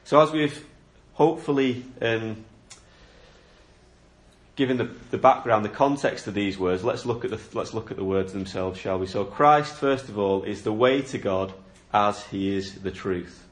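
A man's voice: fairly low pitch, normal speed. A man preaching a sermon, explaining a Bible passage in an earnest, questioning way. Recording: echoey room.

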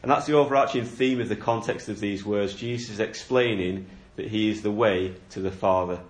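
A man's voice: on the low side, brisk. A man preaching a sermon, explaining a Bible passage in an earnest, questioning way. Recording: echoey room.

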